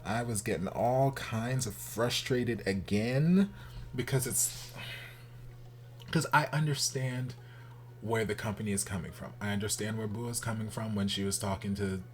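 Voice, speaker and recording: Exasperated male reaction host, animated. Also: moderate pace. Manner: animated and exasperated, swinging from loud outbursts to low muttering. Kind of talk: casual reaction commentary.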